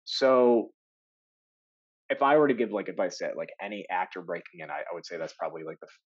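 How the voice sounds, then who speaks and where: Lively storytelling man, lo-fi sound. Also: low voice, a little fast, husky. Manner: animated storyteller, laughs often, many fillers. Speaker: actor guest. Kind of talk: casual podcast chat.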